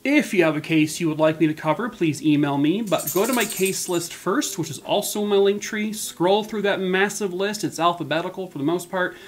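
A man hosting his own channel, chatting casually and quickly through a video outro with a self-mocking tone. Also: high-pitched, slight background noise. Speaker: true crime channel host.

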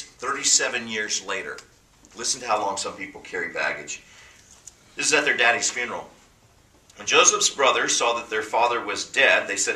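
A pastor preaching a sermon to a congregation, building to emphatic, rising bursts. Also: male voice, fairly low pitch, sharp tone, reverberant, distant mic.

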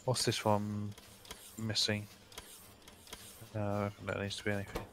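A man playing a multiplayer game with friends, casual and deadpan, thinking aloud as he goes. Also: fairly low pitch, moderate pace, gravelly, a little hiss or hum. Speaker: co-player.

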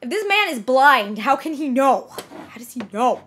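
A young adult woman hosting a let's play, chatting excitably and getting easily frustrated at the game. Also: sits high, moderate pace, very noisy. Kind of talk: casual gameplay commentary. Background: loud game music.

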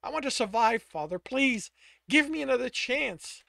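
A man's voice: high voice, expressive, measured pace, bright, forceful tone, dry recording, clean studio sound, full character voice. A man voicing a desperate, tormented young man. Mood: pleading. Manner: pleading, anguished.

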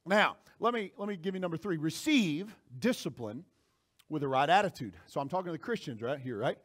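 A male pastor preaching a sermon, moving between quiet asides and loud shouted points. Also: a little high, a little fast. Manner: animated preaching, swings from soft asides to shouting.

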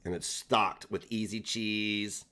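A man's voice: lowish voice, fairly even intonation, slow, sharp tone. A man mocking a streamer during his own live stream, sarcastic and profane. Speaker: commentary streamer.

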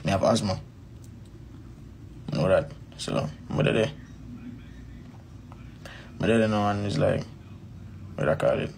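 A man's voice: low voice, slow, creaky, long pauses, darkish tone, slight background noise. A man with a Jamaican accent telling a personal story in a rambling, casual way, repeating phrases and calling the listener "bro". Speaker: dancehall artist.

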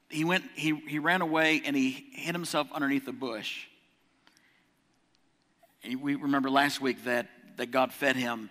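Male pastor, bright forceful tone, preaching a sermon in a church hall with long reverb. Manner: preaching with rising volume on scripture, dropping low for personal stories.

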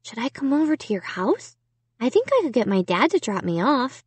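Woman reading as pushy schoolgirl friend, high questioning voice, dry close sound. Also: big pitch swings, normal speed, slightly rough, dry recording. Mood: insistent. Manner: insistent, questioning. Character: pushy, curious young girl, best friend.

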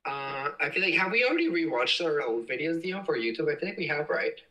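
Giggly young man, bright voice, off-mic. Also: fairly high pitch, sing-song, fast, far from the mic, poor audio. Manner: giggly, rambling, frequent laughs. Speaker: livestream host. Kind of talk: casual livestream chat reading comments. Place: home.

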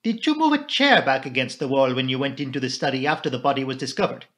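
A man's voice: mid-range voice, lively intonation, quick pace, fairly bright tone, natural voice. A man voicing a fussy older male Belgian detective, formal and elaborately polite. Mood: probing.

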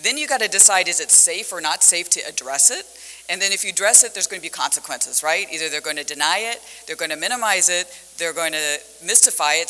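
Woman academic on a conference panel, bright and lively, acting out the dialogue, with long hall echo. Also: fairly low pitch. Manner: animated storytelling, acts out dialogue, laughs often. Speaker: university professor on a conference panel. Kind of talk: conference talk with slides.

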